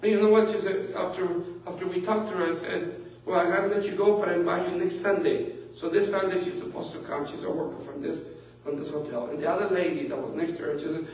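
A man's voice: high-pitched, steady tone, fast, a little mellow. A man preaching a sermon as pastor, swelling in volume and breaking into laughs as he tells stories to the congregation. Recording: echoey room, mic at a distance.

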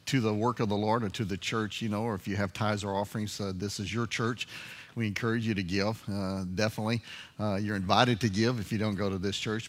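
A man, a pastor leading a casual livestream Bible study and prayer, with folksy, halting talk full of fillers. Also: on the low side.

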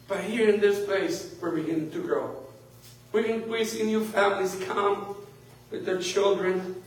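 A man with a high voice preaches a sermon to his congregation, surging loud on key lines and laughing between stories. He sounds set back from the mic in a very echoey room. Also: far from the mic. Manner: impassioned preaching with laughs and swells of volume. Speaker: pastor.

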